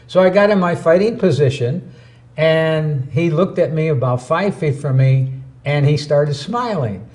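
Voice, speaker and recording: Animated male talk show storyteller. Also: a little high, normal speed. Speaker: co-host.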